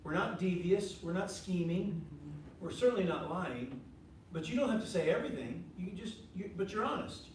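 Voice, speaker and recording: In a meeting room, a ministry teacher leads a faith class, speaking conversationally, repeating his points and putting questions to the group. His voice is high and a little mellow, animated and at a moderate pace, with a faint hiss or hum. The recording is very echoey and captured from far away.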